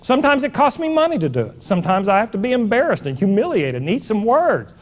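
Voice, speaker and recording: A man's voice: sits high, huge pitch swings, fast. A man giving a blunt, fired-up motivational keynote to a live audience, scolding and hammering points with repetition.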